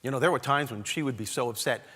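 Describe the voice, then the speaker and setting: A man from Brooklyn, giving a comedic motivational keynote with animated, punchy storytelling. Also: medium pitch, fast, big-room sound. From Brooklyn, New York. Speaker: keynote speaker. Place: large hall, on stage.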